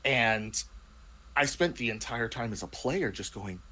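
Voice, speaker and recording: A man's voice: medium pitch, expressive, a little slow, pushed and bright, low-quality recording. A man chatting casually about the tabletop game he plays in, rambling and restarting his sentences often. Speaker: player in a tabletop role-playing show. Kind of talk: casual chat.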